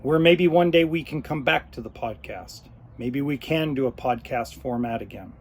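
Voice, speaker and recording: A man hosting his own podcast, talking unscripted, choked up and pausing often. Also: medium pitch, gravelly, a little hiss or hum. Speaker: podcast host. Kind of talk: unscripted solo podcast talk.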